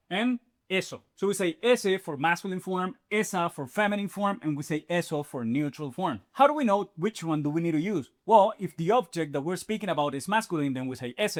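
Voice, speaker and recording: A man teaching a Spanish grammar lesson in an energetic, step-by-step way, often checking in with "okay?" and "right?". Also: fairly high pitch. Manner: explains step by step, addressing viewers as "you guys". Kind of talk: online language lesson.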